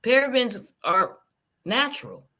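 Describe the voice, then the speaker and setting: A woman's voice: fairly high pitch, sing-song, a little slow, bright, forceful tone. A woman guest on a casual livestream chat, wry and blunt, lecturing a little.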